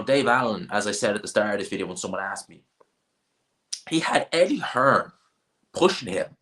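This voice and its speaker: Brief: male stream host, fairly low voice, blunt, rambling, opinionated. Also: fairly bright tone. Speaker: boxing channel host. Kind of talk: casual live stream chat.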